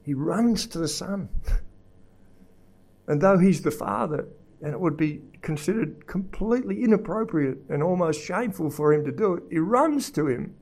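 A male preacher delivering a sermon with a slightly higher voice than most men. He swings from quiet, low reflection to loud, impassioned emphasis, often doubling words as he reaches for the next phrase. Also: lively intonation, normal speed. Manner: builds from low, quiet passages to raised, fervent emphasis; repeats words while searching for the next phrase.

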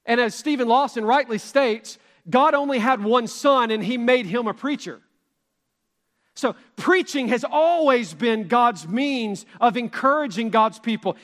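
A man's voice: sits high, a bit bright, big-room sound. A man preaching a sermon from the pulpit, emphatic and full of rhetorical questions. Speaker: pastor. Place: church sanctuary.

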